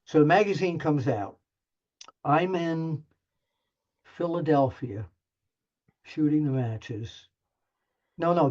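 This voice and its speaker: A man's voice: mid-range voice, a little mellow. Older man telling a story, muffled audio. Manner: chatty, self-deprecating, lots of restarts. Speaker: wrestling journalist, guest. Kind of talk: animated storytelling anecdote.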